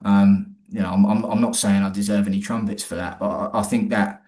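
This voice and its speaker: A man's voice: on the low side, level tone, a little fast, warm tone. A man, a guest in an interview, telling a personal story in a rambling, colloquial way with many restarts.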